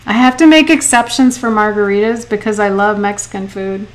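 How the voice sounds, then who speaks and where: Her voice is mid-range and steady, and she talks briskly as she teaches watercolor on a live stream. The middle-aged woman is chatty, laughs often and reads viewer comments aloud. The audio is poor.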